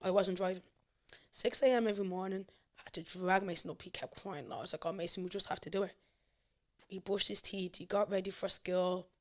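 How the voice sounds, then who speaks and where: A woman's voice: mid-range voice, steady tone, a little fast. A young Irish woman, a podcast guest, candidly telling her personal life story with emotion.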